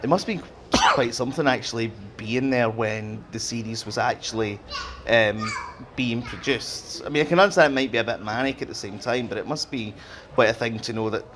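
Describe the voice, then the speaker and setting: Hesitant interviewer over a noisy room. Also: male voice, mid-range voice, a little fast. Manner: hesitant, rambling questions. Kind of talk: conversational interview.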